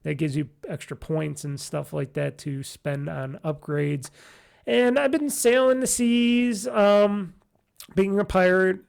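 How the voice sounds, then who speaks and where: Nasal, gravelly man hosting a gaming podcast. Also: high-pitched, slow pace, darkish tone. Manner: rambling, filler-heavy, restarts often. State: stuffy sinuses, tired. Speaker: podcast host. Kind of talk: casual solo gaming podcast.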